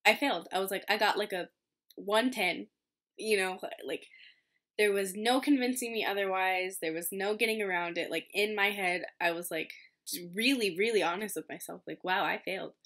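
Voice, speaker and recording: A woman's voice: medium pitch, normal speed, a bit bright. A woman in her twenties, a medical student, telling a story casually to the camera in a chatty way full of fillers and self-mocking remarks. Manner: chatty, filler-heavy, self-deprecating with frequent laughs. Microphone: camera mic, home recording.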